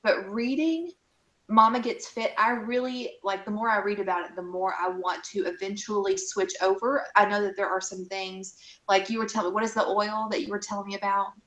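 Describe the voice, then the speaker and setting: A woman co-hosting a casual chat, speaking hesitantly with frequent pauses and restarts. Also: mid-range voice, fairly even intonation, a bit bright, echoey room. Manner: hesitant, many ums and restarts. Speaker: co-host.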